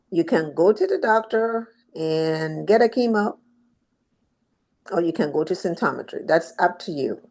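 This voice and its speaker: A woman speaks as a guest health coach on radio, with a gravelly, fry-laced voice. Her delivery is emphatic and lecturing, and she sometimes trips over repeated words. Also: mid-range voice, a little mellow. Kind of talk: radio interview talk.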